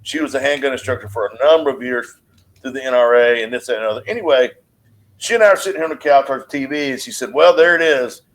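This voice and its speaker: A man in his fifties co-hosting a podcast, teasing and joking in casual banter. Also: fast. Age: 50s. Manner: teasing, jumps up and down in pitch. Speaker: podcast co-host.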